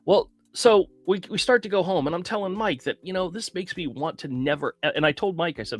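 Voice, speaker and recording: A man hosting a casual talk show, telling a long story in an animated, indignant way. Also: high-pitched, a little fast, hardly any pauses, soft background music. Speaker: podcast host. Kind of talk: casual chat.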